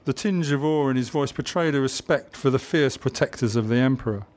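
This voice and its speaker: A man's voice: mid-range voice, a little fast, a little mellow. Man narrating a historical novel. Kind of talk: audiobook narration.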